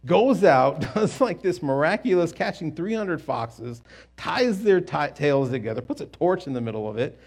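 A man teaching a Bible story in a casual, animated and jokey way, with quick asides and restarts. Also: fairly high pitch, husky.

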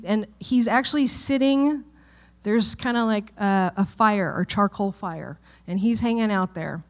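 Woman pastor talking through a bible passage, super casual, lots of "okay?". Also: mid-range voice. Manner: chatty, informal, frequent "okay?" checks with listeners. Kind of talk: casual sermon, Bible study.

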